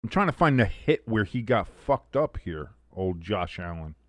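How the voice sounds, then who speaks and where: Excitable man calling football live. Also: lowish voice, normal speed, no room sound. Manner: excitable, swears, calls plays then mutters asides. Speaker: host of a live sports watch-along stream. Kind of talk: casual live play-by-play commentary.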